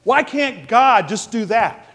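A man pastor delivering an animated sermon, asking the congregation questions. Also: very high voice, slow. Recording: long reverb of a large hall.

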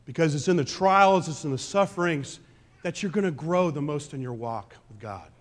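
A pastor preaching a conversational sermon, swinging between loud emphasis and quiet asides. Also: male voice, on the high side, lively intonation, moderate pace. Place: church sanctuary.

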